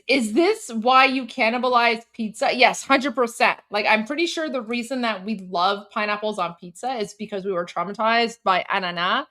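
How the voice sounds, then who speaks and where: A woman's voice: a little high, a bit bright. A Canadian woman hosting a livestream, chatting casually and filling her talk with "like" and acted-out quotes. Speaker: livestream host. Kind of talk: casual chat.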